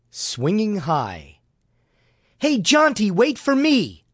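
A man narrates a children's story at an even, measured pace. His voice sits a little high and moves a lot in pitch. The recording is dry and close. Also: dry recording. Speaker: audiobook narrator. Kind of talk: scripted narration.

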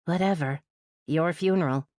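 A woman's voice: low voice, moderate pace, darkish tone, no echo, studio quality, close to an everyday voice. A woman reading as a blunt, suspicious storage owner. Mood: brusque. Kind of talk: audiobook character voice.

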